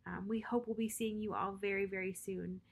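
A woman's voice: mid-range voice, fairly even intonation, normal speed, gravelly. A woman reading a bedtime story to children as their storyteller, friendly and speaking directly to her young listeners.

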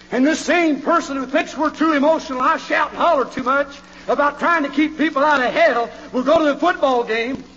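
A male preacher delivering a fiery revival sermon in a church, swinging from hushed pleading to hollering. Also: very high-pitched, slight background noise. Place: church sanctuary. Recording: dull, reverberant old church recording.

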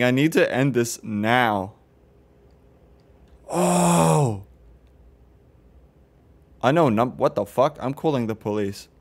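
A man playing a horror game on his channel, reading its text aloud and reacting with swearing and jokes. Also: medium pitch. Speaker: gaming video host. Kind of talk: casual horror game commentary.

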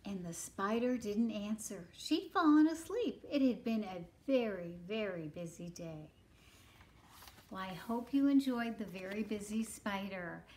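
A woman reading a picture book aloud to young children, gentle and expressive, inviting them to make the animal noises with her. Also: mid-range voice, a little slow. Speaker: children's story reader.

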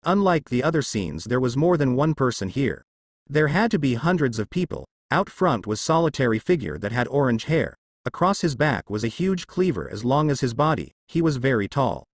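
Man narrating a story, lively pitch. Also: moderate pace, no echo, studio quality. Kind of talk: scripted narration.

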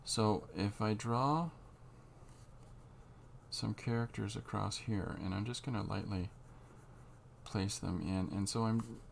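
A man talking through a drawing tutorial as he works, unhurried and halting, thinking aloud. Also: fairly low pitch, gravelly, a little hiss or hum. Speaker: comic artist drawing on camera.

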